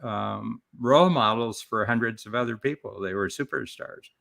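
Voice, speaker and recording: Gravelly, bright-voiced male coach. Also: lowish voice, normal speed. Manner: rambling, with many fillers and restarts. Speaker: business coach and author guest. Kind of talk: explaining ideas in a live-streamed interview.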